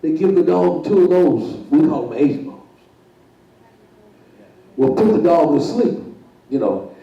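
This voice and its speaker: A man's voice: fairly high pitch, lively intonation, measured pace, creaky, warm tone, muffled recording. A man telling a comic story on stage, chuckling, repeating himself and acting out the voices. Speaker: guest storyteller. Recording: very echoey room, voice far from mic.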